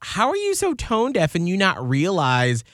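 A man's voice: high-pitched, wildly swooping pitch, normal speed, fairly bright tone, no echo, studio quality. A man co-hosting a casual chat, chiming in to agree and adding his own points. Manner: agreeable, chiming in with short affirmations. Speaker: co-host.

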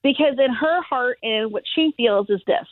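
A chatty woman gives a psychic reading on a podcast, joking about herself and laughing between thoughts. Her voice sits a little high. The sound is tinny like a phone line and dry, with no room echo. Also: moderate pace. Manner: chatty, self-deprecating, laughs often. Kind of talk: casual podcast chat and reading.

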